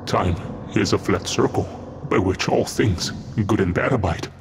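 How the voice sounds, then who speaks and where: Deep gravelly snarl, ancient man turned monster, voiced by a man, slow chanting menace, noisy hissy sound. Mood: chanting, ominous.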